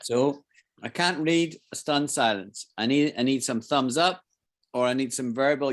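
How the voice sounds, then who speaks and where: A middle-aged Scottish man teaching a live online English lesson, explaining slowly, repeating phrases and checking that his students follow. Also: medium pitch.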